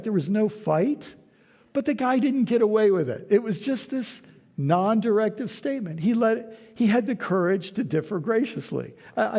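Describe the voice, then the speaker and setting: In a large church hall, a guest lecturer with a high-pitched, mellow voice gives a conversational lecture, telling stories and acting out short dialogues. Long hall reverb hangs on the recording.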